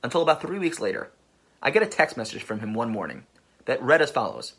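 Male rabbi, emphatic storyteller, husky bright tone, very lively delivery. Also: medium pitch, fast. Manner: emphatic, building to passionate peaks. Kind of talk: inspirational storytelling talk.

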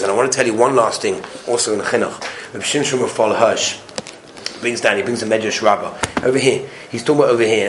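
A man teaching a weekly Torah class, telling the stories with energy. He swings from loud, excited bursts to soft, hushed asides and mixes in Yiddish and Hebrew study terms. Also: lowish voice, background noise. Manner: peppers speech with Yiddish and Hebrew learning terms.

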